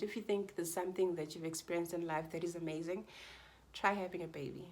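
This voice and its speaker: A woman's voice: lowish voice, steady tone, fairly quick, warm tone, a little hiss or hum. A young woman vlogger telling her birth story to camera in a chatty, heartfelt way, repeating phrases for emphasis. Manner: chatty and heartfelt, often addresses viewers as guys.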